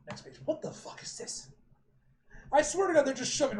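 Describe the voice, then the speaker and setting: A man's voice: high-pitched, very animated, brisk, vocal fry. Sarcastic young man reacting to a comic. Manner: reads panels aloud, cursing, sarcastic asides. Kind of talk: casual comic book reading.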